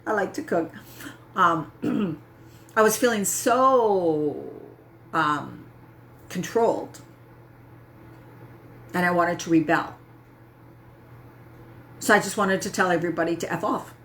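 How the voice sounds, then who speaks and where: Middle-aged woman, health coach, low pitch, candid casual talk, faint background noise. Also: fairly bright tone. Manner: candid, self-mocking, frequent "right?" asides.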